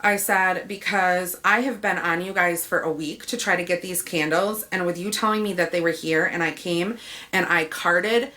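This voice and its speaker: A woman's voice: lowish voice, fairly even intonation, moderate pace, pushed and bright. A woman telling a story about a frustrating shopping trip in a casual rant, acting out the dialogue by quoting herself and the clerks.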